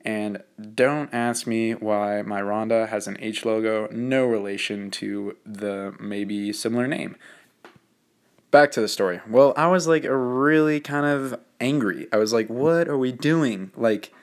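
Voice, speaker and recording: A man's voice: on the low side, measured pace, clean tone. Rambling, joking teenage guy. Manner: rambling, filler-heavy, self-mocking. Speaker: student narrating a drawing video. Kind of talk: casual joking narration.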